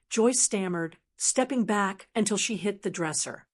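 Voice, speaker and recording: A woman's voice: medium pitch, expressive, unhurried, hardly any pauses, a little mellow. A woman reading a first-person story aloud in a tense, dramatic narrating manner.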